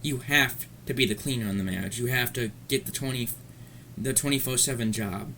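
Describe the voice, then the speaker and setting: A man's voice: medium pitch, brisk, pushed and bright, a little hiss or hum. A man ranting in a commentary vlog, angry, profane and rambling. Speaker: commentary vlogger.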